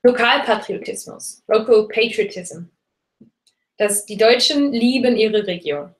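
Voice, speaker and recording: A woman with a somewhat high voice teaches German in a relaxed live webinar, trading English explanations for German examples. Her talk is loose and chatty, full of fillers and restarts. The sound carries a roomy echo. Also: measured pace.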